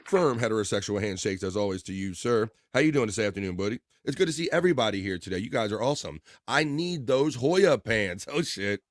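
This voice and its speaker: A man's voice: lowish voice, animated, quick pace, hardly any pauses. A man hosting a livestream, reading viewers' chat messages aloud in an upbeat, playful way and riffing on their names. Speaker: livestream host.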